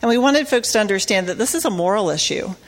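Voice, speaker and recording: A woman telling a story in an interview, animated and retelling her own reactions in quotes. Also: medium pitch, quick pace, big-room sound.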